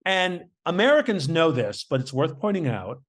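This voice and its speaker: A man's voice: a little high, big pitch swings, moderate pace. A man hosting an interview, breaking in with emphatic explanations for the audience. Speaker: host, investigator. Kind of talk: interview commentary.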